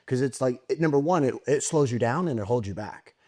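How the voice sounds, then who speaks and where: A man's voice: medium pitch, expressive, a little fast, warm tone. A man hosting a coaching podcast, talking loosely and thinking aloud with many fillers. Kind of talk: conversational interview.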